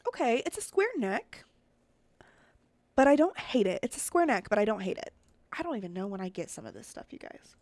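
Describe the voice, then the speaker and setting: A woman's voice: mid-range voice, very animated, fairly quick, a little mellow, no room sound. Chatty woman thinking aloud while playing. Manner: chatty, thinks aloud, often addresses the viewers. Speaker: Sims content creator. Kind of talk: casual commentary while playing a game.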